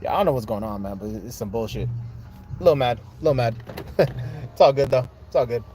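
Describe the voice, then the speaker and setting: A man livestreaming from a handheld phone, chatting casually and swearing freely as he talks straight to his viewers. His voice sits at an ordinary middle pitch, with a little noise underneath. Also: quick pace, warm tone. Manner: profane, frustrated then hyped, addresses viewers directly. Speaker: livestream host. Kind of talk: casual live chat. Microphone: phone held in hand.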